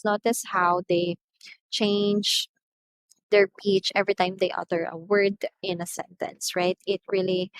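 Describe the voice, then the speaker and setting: A woman's voice: medium pitch, dry recording, low-quality recording. A woman with a Filipino accent, an English teacher giving a recorded lecture, stressing words to show pronunciation and slipping into Tagalog asides.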